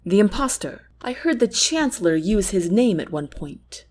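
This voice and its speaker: A woman voicing a calm, kind young prince in an audiobook, speaking softly and earnestly. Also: mid-range voice, normal speed. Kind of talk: audiobook character reading.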